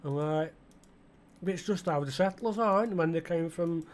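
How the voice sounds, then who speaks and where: A man's voice: a little high, normal speed. A middle-aged man with an East Midlands English accent, rambling casually with lots of fillers as he plays and chats to the game's customers. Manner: rambling, chatty, full of fillers, talks to game customers. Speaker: gaming channel host. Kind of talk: casual let's-play commentary.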